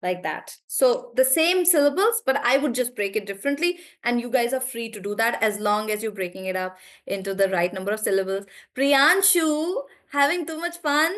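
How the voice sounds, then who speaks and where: Young woman teacher, a little high, encouraging, checks words aloud on a video call. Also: lively intonation, moderate pace, a bit bright. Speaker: online English teacher. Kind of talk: live online class, coaching students on syllables.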